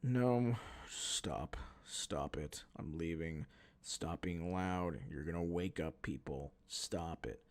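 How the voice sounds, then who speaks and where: A man voicing a calm, fed-up boyfriend who speaks in a slow, flat monotone. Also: low-pitched, voice pushed down. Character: calm fed-up man leaving his girlfriend.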